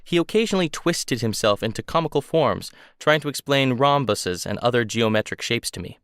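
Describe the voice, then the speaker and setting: A man reading a first-person science fiction story aloud in a steady, measured way. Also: medium pitch, clear, resonant tone, no room sound, clean studio sound. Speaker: audiobook narrator. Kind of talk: scripted first-person narration.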